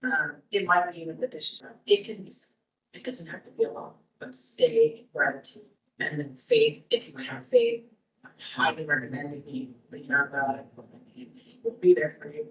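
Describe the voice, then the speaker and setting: A woman's voice: deep voice, very animated, moderate pace. A woman guest telling her own story in a casual interview, rambling with frequent restarts. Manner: rambling, with many restarts and fillers. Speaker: guest, cancer survivor. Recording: roomy, distant mic.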